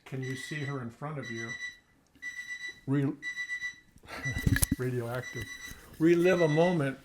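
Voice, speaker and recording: A man coaching an acting student, gentle and encouraging, guiding with probing questions. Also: mid-range voice, slow pace, heavy background noise. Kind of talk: coaching feedback in acting class.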